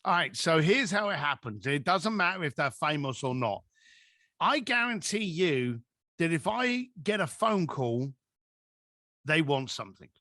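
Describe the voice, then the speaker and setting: Animated man telling stories, high and lively. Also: unhurried, dry recording, clean studio sound. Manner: acts out quoted dialogue with lively voices. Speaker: podcast guest. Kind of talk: animated storytelling advice.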